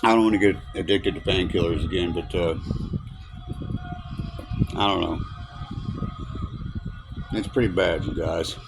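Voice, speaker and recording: A man's voice: sits low, unhurried, creaky, pauses often, heavy background noise. A man with a Southern US accent, chatting to viewers in a loose, rambling way with lots of fillers. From Southern United States. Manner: chatty and rambling, with many fillers and a relaxed drawl. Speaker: vlogger. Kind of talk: casual rambling chat to viewers.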